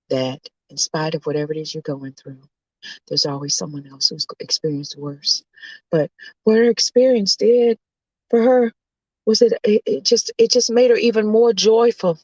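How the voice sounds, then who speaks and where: A woman host preaching as a self-described coach preacher, emphatic and hollering, her voice swinging high and low. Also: no echo, muffled recording.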